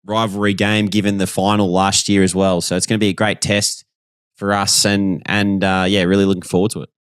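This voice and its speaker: A man with an Australian accent co-hosting a casual chat, relaxed and matey, laughing easily. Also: low voice, a little fast, smooth, no room sound, clean studio sound. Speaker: podcast co-host and footballer.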